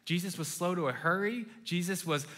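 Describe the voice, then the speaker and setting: Young man, pastor, sermon, bright ringing tone, slightly high pitch, animated storytelling. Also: brisk. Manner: animated storytelling, acts out his own quoted thoughts.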